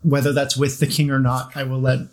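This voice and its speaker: A man playing a tabletop role-playing game, animated, laughing and swearing as he plays his cleric. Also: medium pitch, fairly quick. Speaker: player. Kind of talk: casual tabletop role-play.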